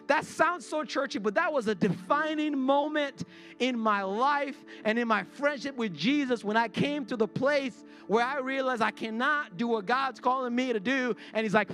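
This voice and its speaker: A man's voice: extremely high pitch, normal speed, fairly bright tone, faint music behind. A man in his forties, a pastor preaching a sermon to his congregation. He speaks earnestly and confessionally and repeats words when worked up. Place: church sanctuary before a congregation.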